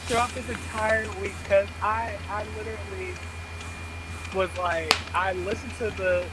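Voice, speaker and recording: Excitable man with a fairly high voice. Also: unhurried, very noisy. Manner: excitable, laughing, profane. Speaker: podcast co-host. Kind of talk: casual comedic chat.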